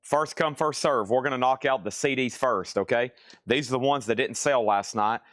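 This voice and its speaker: A relaxed man with a drawl hosts a live sale in a loose, joking, chatty way. His voice sits at an ordinary middle pitch. It is recorded close and dry, with no room sound. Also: moderate pace, dry recording. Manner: laid-back, chatty, joking while eating. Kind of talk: casual live-stream chat.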